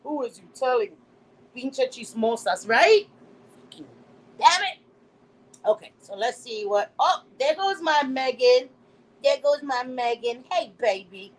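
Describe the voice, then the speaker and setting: A woman's voice: sits high, animated, unhurried, rough recording. A middle-aged woman from Puerto Rico hosting a casual live stream, blunt and profane, with Spanish words mixed in. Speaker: livestream host.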